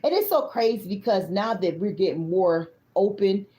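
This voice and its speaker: A woman in her fifties tells a story in a loose, casual way. Her voice is mellow and dark. She talks bluntly, swears freely and turns to her viewers as if they were close friends. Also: mid-range voice, normal speed. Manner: blunt, profane, animated, talks straight to the viewers. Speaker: tarot reader.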